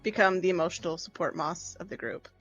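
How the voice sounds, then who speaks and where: A woman in casual pre-game chat, upbeat and giggly, talking in quick bursts. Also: lowish voice, fairly even intonation, fairly bright tone, dull audio, faint music behind. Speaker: tabletop game player.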